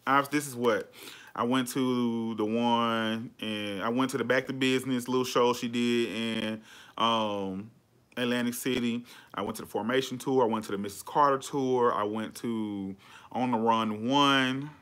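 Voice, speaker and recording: A man's voice: mid-range voice, fairly even intonation, unhurried, fairly bright tone, clear, resonant tone. A man hosting a podcast, chatting casually and animatedly with lots of slang and fillers. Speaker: podcast host. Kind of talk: casual chat.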